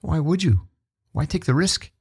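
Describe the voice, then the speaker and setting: A middle-aged man with a fairly high, slightly rough voice talks at a normal speed as a podcast guest. The former intelligence officer tells stories in a casual interview, lively acting out each quoted person's voice.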